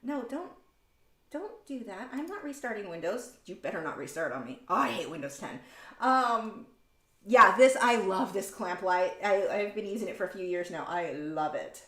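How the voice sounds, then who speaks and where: A woman's voice: medium pitch, lively intonation, normal speed, fairly bright tone. Chatty woman in a roomy studio. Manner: chatty and rambling, correcting herself mid-sentence. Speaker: artist hosting a painting livestream. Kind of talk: casual livestream chat. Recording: roomy room sound.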